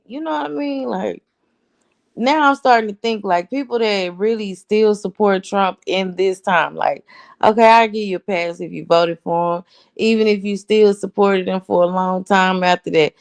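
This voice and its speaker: A woman, telling a story in a casual, blunt, profane rant. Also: mid-range voice. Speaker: host.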